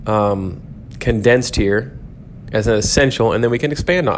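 A man's voice: lowish voice, normal speed, slight background noise. Casual, self-correcting male Bible teacher. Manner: conversational, self-correcting, frequent "um" and "okay?". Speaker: church teacher. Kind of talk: informal Bible lecture.

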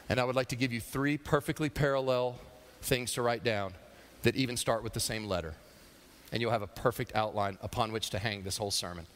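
A man's voice: mid-range voice, long reverb tail. A man preaching a sermon, acting out characters' voices as he tells stories. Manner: animated storytelling, acting out voices. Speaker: pastor.

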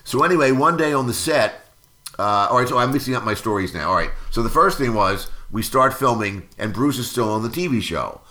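A man's voice: mid-range voice, lively intonation, fairly quick, bright, forceful tone. An older man, a screenwriter, telling anecdotes in an interview, rambling with many fillers and restarts.

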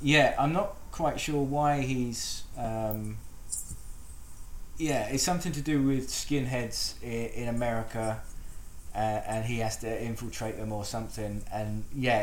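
A man's voice: medium pitch, steady tone, unhurried, a little hiss or hum. A man co-hosting a casual film podcast, rambling and swearing, with lots of ums and restarts. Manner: rambling, profane, many fillers. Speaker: podcast co-host.

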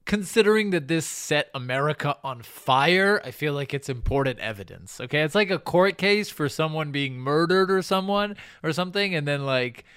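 A man co-hosting a podcast in casual chat, animated and quick to laugh, trailing off into fillers. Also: fairly high pitch, clear, resonant tone, dry recording, clean studio sound. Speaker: podcast co-host.

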